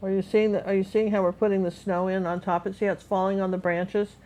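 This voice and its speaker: A woman's voice: medium pitch, level tone, fast, mellow, low-quality recording. A woman teaching a live painting class, telling stories in a rambling way with many fillers and restarts.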